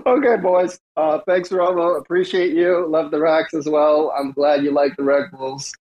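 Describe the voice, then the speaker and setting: A man's voice: fairly high pitch, fairly even intonation, moderate pace, a little mellow, low-quality recording. A man hosting an online audio chat, easygoing and friendly as he moves the talk along. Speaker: host of an online audio space. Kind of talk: casual moderating.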